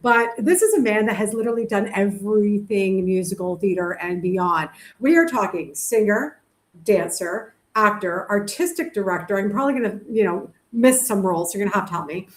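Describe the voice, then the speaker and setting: A woman's voice: medium pitch, moderate pace, roomy sound. A woman hosting a podcast from home, from Canada, bubbly and playful, breaking into bits of show tunes. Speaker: podcast host.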